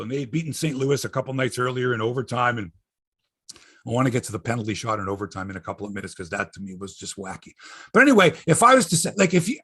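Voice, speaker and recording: A man's voice: on the high side, pushed and bright, breathy edge. A middle-aged Canadian man hosting a sports podcast, chatting casually in a rambling, profane, wry way. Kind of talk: casual chat.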